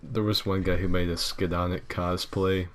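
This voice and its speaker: Man, very low voice, podcast host, swears a lot, joking banter. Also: level tone, moderate pace, a loud crowd. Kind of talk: casual chat.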